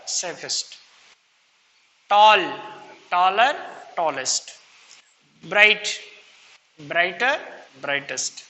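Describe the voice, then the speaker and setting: A man with an Indian English accent teaches grammar in a high, very bright voice, his words set slow and deliberate. His voice rings with a long reverb, and faint room noise sits behind it. He drills word lists, lifting the first form and dropping the last. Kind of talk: classroom grammar lesson.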